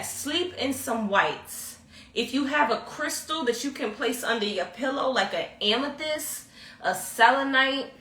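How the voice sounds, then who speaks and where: A woman with a fairly high, bright voice gives step-by-step spiritual instructions to viewers. She is emphatic and repeats her points. She is recorded from a distance in an echoey room. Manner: emphatic, repetitive, often checks in with "okay?". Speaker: yoga therapist teaching spiritual rituals.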